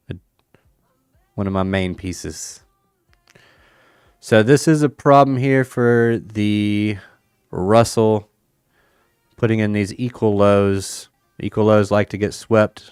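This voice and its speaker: Relaxed male crypto streamer, smooth voice. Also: lowish voice, no echo, clean studio sound. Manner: relaxed, thinking aloud, playful banter. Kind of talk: casual livestream chat over charts and chess.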